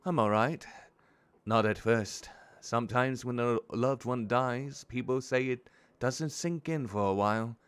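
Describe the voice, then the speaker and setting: A man's voice: medium pitch, a little slow, clear, resonant tone, no echo, close to an everyday voice. Man reading as a grieving warrior woman. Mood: grieving, guarded.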